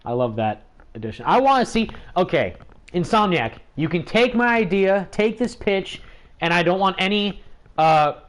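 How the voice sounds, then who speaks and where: A man's voice: high-pitched, expressive, normal speed. A man hosting a gaming livestream, talking in a chatty, rambling way with lots of fillers. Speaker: livestream host.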